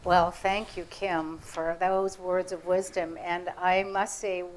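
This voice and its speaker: A woman moderates a conference session in a brisk, gracious manner. Her voice sits a little low for a woman. Faint room noise hums behind her. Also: flat delivery, rough recording. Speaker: event moderator.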